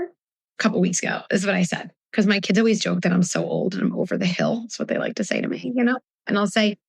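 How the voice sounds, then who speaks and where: A woman in her forties speaks as a parenting expert before an audience, animated and quick to act out scenes with her kids. Her pitch sits in an ordinary middle range. The sound is dry and close. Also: vocal fry, no echo. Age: 40s. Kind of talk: live talk before an audience.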